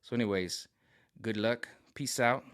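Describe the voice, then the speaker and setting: Guy, lowish voice, casual slangy vlogger, swings from loud outbursts to mutters. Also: measured pace, clean tone. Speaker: political vlogger. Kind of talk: casual rambling monologue to camera.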